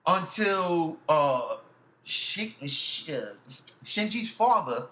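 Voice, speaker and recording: Casual podcast co-host, high bright male voice, profane animated rants, roomy sound. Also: moderate pace. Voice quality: loud animated outbursts, heavy swearing. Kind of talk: casual chat.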